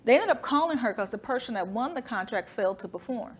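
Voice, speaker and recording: A woman guest in a business interview, telling lively stories and acting out the dialogue. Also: a little high, fast, a little hiss or hum. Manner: animated storyteller, acts out dialogue, laughs often. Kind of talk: storytelling interview talk. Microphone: studio microphone.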